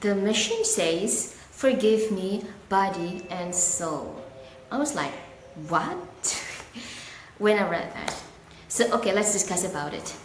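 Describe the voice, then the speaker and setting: A woman whose first language is Indonesian, teaching an English lesson in a slow, deliberate way with emphatic questions. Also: mid-range voice, lively intonation. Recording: echoey room with background noise.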